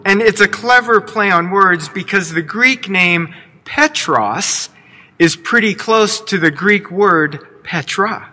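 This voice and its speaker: A man's voice: high voice, slow, bright, forceful tone. A man pastor preaching a sermon, telling the story expressively and voicing quotes with playful asides. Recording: long hall reverb.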